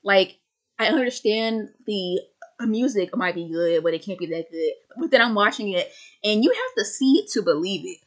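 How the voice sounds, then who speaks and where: A woman with a stutter reviewing a film in casual, rambling chat, full of fillers and repeated words, slipping into quick voices for the characters. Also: mid-range voice, animated. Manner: acts out characters' lines in quick put-on voices.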